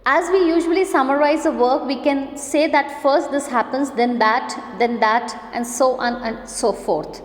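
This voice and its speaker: Woman, Indian English accent, lecturer, high voice, slow deliberate delivery, roomy echo. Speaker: college lecturer. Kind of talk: reading out a lecture. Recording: echoey classroom with long reverb.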